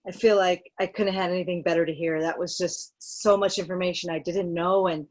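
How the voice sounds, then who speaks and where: Lower-voiced woman giving eager thanks. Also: steady tone, brisk. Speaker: congregant. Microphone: video call.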